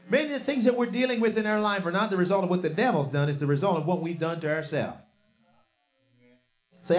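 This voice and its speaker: A man preaching a sermon, telling a story and swinging from low, quiet lines to loud shouted outbursts, leading the congregation in call-and-response. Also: quick pace.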